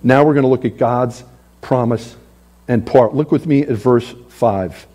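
Male pastor mid-sermon in a church, husky and mellow, animated, acts out biblical figures. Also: mid-range voice, a little slow. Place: church sanctuary.

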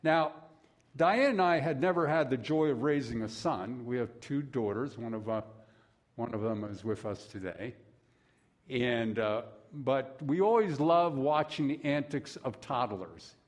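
A man's voice: medium pitch, unhurried. A middle-aged man preaching a sermon as a pastor, folksy and conversational, with asides to the congregation.

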